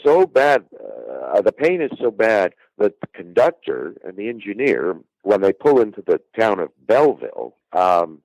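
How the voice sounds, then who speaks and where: A man telling a true-crime story as a podcast guest, halting with frequent fillers and restarts. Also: fairly low pitch, darkish tone, no room sound, rough recording. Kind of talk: true-crime case retelling.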